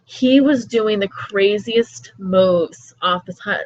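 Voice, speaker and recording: A woman of middling pitch talks loosely through an interview recap, wandering between points and leaning on the same fillers again and again. The audio is a bit dull and lo-fi. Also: takes it slowly. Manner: rambling, with many fillers like "everything like that". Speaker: wrestling show host.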